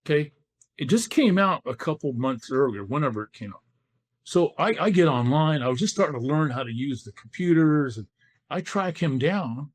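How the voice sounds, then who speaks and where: Older male guest, animated storyteller, fairly high voice, swings in pitch. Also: moderate pace. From California. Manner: animated storyteller, acts out quoted dialogue. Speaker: guest, former football player. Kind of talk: storytelling in a podcast interview.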